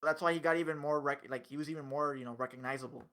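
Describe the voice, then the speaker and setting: A young man hosting a casual podcast, talking in an animated way with swearing and quick laughs. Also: a little high. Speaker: podcast host.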